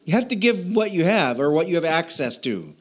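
A man's voice: on the high side, sing-song, a little fast, breathy edge. Man preaching in a chatty sermon. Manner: chatty, laughing asides; asks the audience questions. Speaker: pastor.

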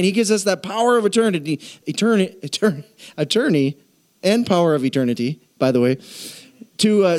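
A man preaching a sermon in a church, energetic and playful, calling out to the congregation. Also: high voice. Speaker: pastor.

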